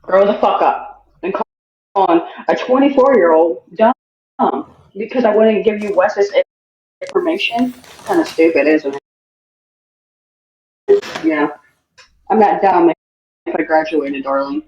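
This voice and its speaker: A woman's voice: medium pitch, lively intonation, unhurried, pauses often, a little mellow, muffled recording, a little hiss or hum. A young woman calls into a live stream in a sarcastic, condescending way. Her voice is picked up with a roomy echo. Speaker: guest on a live stream call. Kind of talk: cutting live call argument.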